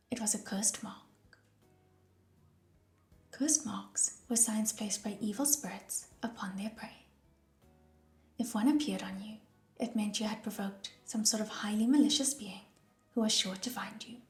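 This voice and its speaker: A woman narrating an audiobook in a soft, hushed, often whispery voice. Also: mid-range voice. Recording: roomy echo with soft music.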